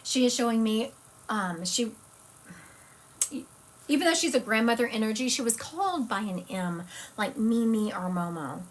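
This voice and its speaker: A Southern US woman who works as a psychic medium chats and rambles casually on a live stream, correcting herself as she goes. Her voice is on the high side and animated, moving at a moderate pace with long pauses.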